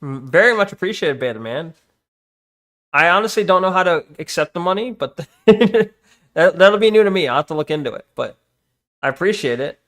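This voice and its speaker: A man's voice: fairly high pitch, lively intonation, a little fast, a bit bright. A man streaming live in casual chat, reading comments aloud and often breaking off to say "hold on". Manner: distracted, reads chat aloud, many restarts and "hold on"s.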